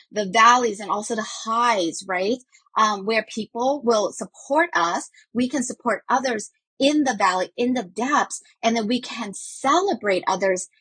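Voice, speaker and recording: A woman mindset coach talking casually in a voice memo, rambling quickly with many fillers and restarts. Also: medium pitch, a bit bright, breathy edge, no room sound.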